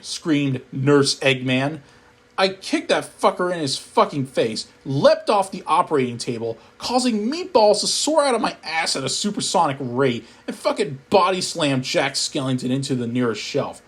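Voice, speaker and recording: A man narrating a comedic horror story in a profane, deadpan storytelling manner. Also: a little high, normal speed, slightly rough.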